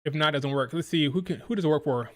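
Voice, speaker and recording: A man's voice: fairly high pitch, quick pace, fairly bright tone. A man hosting a live wrestling watch-along, chatting casually and mimicking crowd chants in a sing-song rhythm. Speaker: live stream reaction host.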